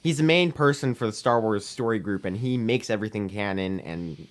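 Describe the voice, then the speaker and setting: A man's voice: on the low side, lively intonation, brisk. Teen guy rambling through a story. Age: teens. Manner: rambling, heavy use of "we're like" and "um". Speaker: podcast guest. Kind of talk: casual anecdote telling.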